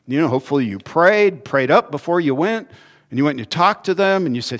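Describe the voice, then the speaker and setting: A man's voice: fairly high pitch, animated, fairly quick, fairly bright tone. A man who is a pastor, preaching a sermon in a conversational way and acting out small everyday dialogues. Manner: conversational, acts out little dialogues.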